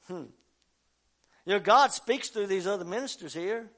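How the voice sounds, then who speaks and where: Man, pastor, fervent sermon, very high pitch, shifts from soft to shouting. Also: a little slow. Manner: fervent, swings between quiet talk and shouting.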